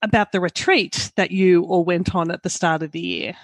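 A woman hosting an interview, speaking in a halting way, often restarting phrases while searching for words. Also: on the low side, fairly even intonation, no room sound. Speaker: podcast host. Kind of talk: conversational interview.

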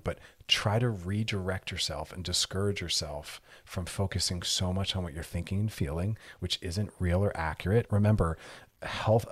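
A man's voice: low voice, husky. A man hosting an advice show, talking earnestly and directly, coaching listeners with repeated commands. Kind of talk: advice podcast monologue.

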